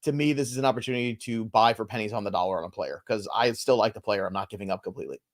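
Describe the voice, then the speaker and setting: A man co-hosting a live fantasy baseball stream, chatting casually and joking between player updates. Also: lowish voice. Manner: loose, joking banter with quick asides.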